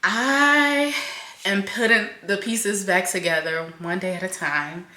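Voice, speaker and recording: A young woman venting candidly to camera in a home vlog, swearing freely and swinging between loud outbursts and soft, quiet admissions. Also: mid-range voice, slow pace. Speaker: vlogger. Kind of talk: raw confessional venting to camera. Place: home kitchen, in doors. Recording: echoey room.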